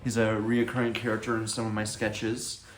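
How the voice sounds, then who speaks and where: A young man telling a rambling, excitable story about his own life in a casual vlog. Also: lowish voice, fairly quick, a little hiss or hum. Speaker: comedy video creator. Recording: echoey room.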